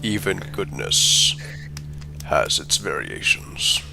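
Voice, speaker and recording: A man voicing a kind, ancient female silver dragon in a tabletop game, speaking in a solemn, measured way. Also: low-pitched, big pitch swings, vocal fry, music in the background, voice pushed down, full character voice.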